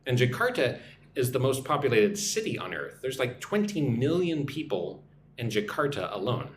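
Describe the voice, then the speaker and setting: A man's voice: mid-range voice, big pitch swings, normal speed, reverberant, a little hiss or hum. A man who teaches English online, chatting on a live stream, reading out viewer comments and greeting them in their own languages. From United States.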